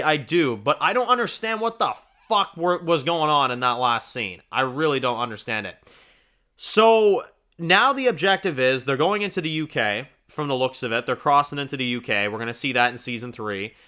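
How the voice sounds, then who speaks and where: Give me a young male review host with a bright, tense voice, chatting loosely and swearing. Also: fairly high pitch, lively intonation, a little fast. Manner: rambling, profane, lots of fillers and restarts. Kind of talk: casual spoken review.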